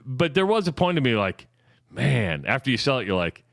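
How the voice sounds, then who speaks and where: Man, radio co-host, casual sports chat, halting questions, dry close sound. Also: medium pitch, very animated, creaky, a bit bright, no room sound. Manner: halting, restarts questions, conversational.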